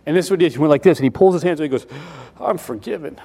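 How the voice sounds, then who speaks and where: A man preaching a sermon in a folksy, repetitive way, switching between loud emphasis and quiet asides. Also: on the high side, racing. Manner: folksy, repeats himself with restarts.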